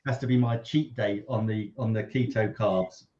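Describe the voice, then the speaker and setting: A man's voice: lowish voice, fairly even intonation, normal speed, darkish tone, muffled recording. An English man co-hosting a live cooking stream, chatting enthusiastically and expressively while eating. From England. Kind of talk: casual live-stream chat.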